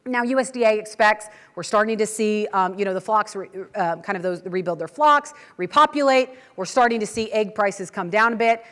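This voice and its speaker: A woman's voice: mid-range voice, brisk, hardly any pauses, fairly bright tone. American lady doing a talk at a farm meeting, chatty, trips over words a lot, echoey hall. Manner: chatty storytelling with repeated words and restarts. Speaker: agriculture news host giving a talk. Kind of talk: conference presentation. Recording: long hall reverb.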